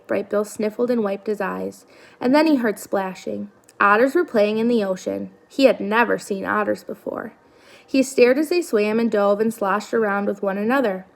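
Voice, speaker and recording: Gravelly-voiced woman reading a story aloud. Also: mid-range voice. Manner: steady storytelling narration. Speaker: reader. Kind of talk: reading a children's novel aloud.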